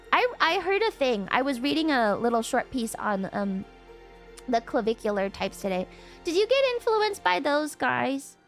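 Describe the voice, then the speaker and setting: A woman streamer chatting casually with her viewers, rambling, swearing freely and laughing often. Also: sits high. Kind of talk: casual live-stream chat.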